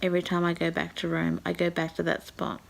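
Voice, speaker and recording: A woman with a fairly low voice and a lot of gravelly vocal fry. She reads passages from a novel aloud, breaking off into emotional reactions. She sighs and sometimes drops to a half-whisper. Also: completely flat delivery, fast. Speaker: book vlogger.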